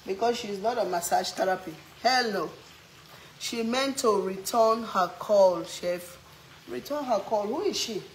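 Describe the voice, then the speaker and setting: Woman, cooking live-stream host, home kitchen, phone mic, animated and teasing, fairly high voice. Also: slight background noise, rough recording. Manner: animated, teasing, exclaims often. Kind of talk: live-stream chat reading viewer comments while cooking.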